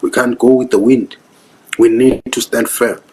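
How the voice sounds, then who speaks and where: A man's voice: mid-range voice, steady tone, normal speed, warm tone, a little hiss or hum, low-quality recording. A young South African man with a South African accent giving casual live-stream commentary, earnest and preachy, who keeps asking whether you understand. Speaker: vlogger.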